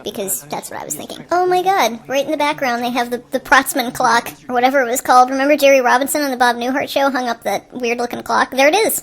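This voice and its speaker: A woman's voice: high-pitched, a bit bright. A woman hosting a show, talking through a movie in a chatty, joking way full of rambling asides. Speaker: show host. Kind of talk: improvised movie commentary. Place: at home watching TV.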